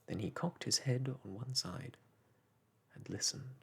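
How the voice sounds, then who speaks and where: A man narrating a children's storybook aloud in a gentle, unhurried bedtime-story manner. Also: medium pitch, gravelly, husky.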